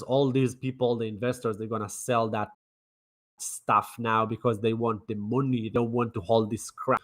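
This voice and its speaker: A man's voice: mid-range voice, animated, unhurried, a bit bright. A man streaming crypto trading commentary in a brash, mocking way, swearing and repeating himself. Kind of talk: casual livestream commentary.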